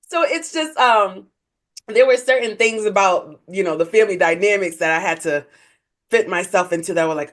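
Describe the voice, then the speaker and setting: A young woman, a podcast guest, telling her story in candid conversation, voice leaping up when she acts out others. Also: fairly quick. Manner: animated, leaps high in pitch when acting out others.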